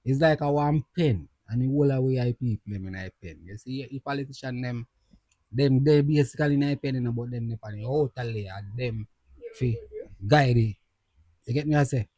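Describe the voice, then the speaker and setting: A Jamaican man co-hosting a casual podcast chat, animated and repeating phrases for emphasis. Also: mid-range voice, brisk, dry recording. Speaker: podcast co-host.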